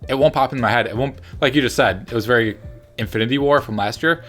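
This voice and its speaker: A man's voice: medium pitch, quick pace, fairly bright tone, soft background music. A man co-hosting a movie review show, chatting casually and enthusiastically with many restarts. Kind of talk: casual chat.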